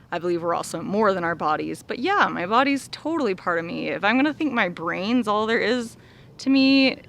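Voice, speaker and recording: A woman hosting a vlog, giving a casual, chatty self-help talk, often saying "like" and laughing softly. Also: lowish voice. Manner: chatty, heavy use of "like", soft laughs. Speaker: vlog host.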